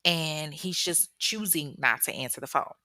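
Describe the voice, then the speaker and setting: A young woman, hosting a true-crime podcast, tells the story in casual, animated, joking talk and acts out the quotes. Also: moderate pace, no room sound, studio quality. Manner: animated and joking, acts out quotes with big pitch jumps, laughs often.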